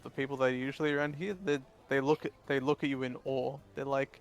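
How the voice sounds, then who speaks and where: Halting male dungeon master. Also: mid-range voice, level tone, creaky, faint music behind. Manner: halting, restarts his sentences often. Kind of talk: casual tabletop game narration.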